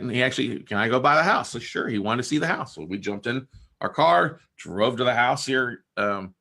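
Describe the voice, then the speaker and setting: A man with a gravelly, bright voice tells a story in an easy, conversational monologue. He talks like a podcast host, breaks off into quoted back-and-forth and restarts his sentences as he thinks. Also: mid-range voice, expressive, brisk. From Texas. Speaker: podcast host and note investor.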